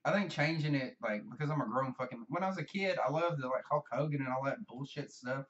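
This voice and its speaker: A man's voice: mid-range voice, quick pace, fairly bright tone, recorded from a distance, lo-fi sound. Rambling, foul-mouthed Southern man. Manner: meandering, profane, self-deprecating. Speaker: vlogger. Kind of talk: rambling casual monologue.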